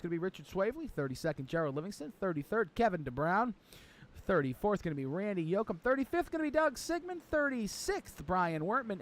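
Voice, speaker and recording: Casting: energetic male race commentator, bright high voice, faint noise underneath. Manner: energetic, chatty, builds hype at the start. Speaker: sim racing commentator.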